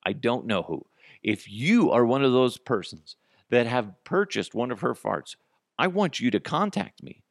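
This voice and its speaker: A man's voice: medium pitch, sing-song, unhurried, creaky, no room sound, clean studio sound. A man hosting a comedy podcast, ranting sarcastically and swearing, sometimes acting out both sides of an argument. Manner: profane, sarcastic, acts out both sides of a dialogue. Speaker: podcast host. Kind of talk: comedic solo podcast rant.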